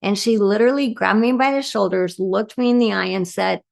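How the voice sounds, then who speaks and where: A woman's voice: medium pitch, a little fast, creaky, few pauses. A woman who works as a medium, talking earnestly about grief and compassion in an interview, often ending with "right?". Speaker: medium and speaker. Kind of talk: reflective talk in an interview.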